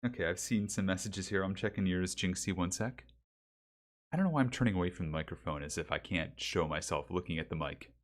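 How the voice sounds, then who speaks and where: He speaks briskly in a low voice while streaming a game, loosely chatting with his audience and reading out their names as he rambles. The sound comes through a desk microphone with a pop filter and windsock.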